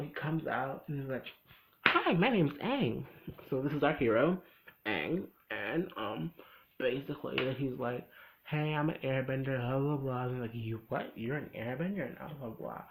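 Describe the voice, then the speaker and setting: Rambling young man with a gravelly voice. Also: medium pitch, low-quality recording. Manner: rambling, full of "like" and "you know", quick acted quotes. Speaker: video host recapping a cartoon episode. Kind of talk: casual recap vlog.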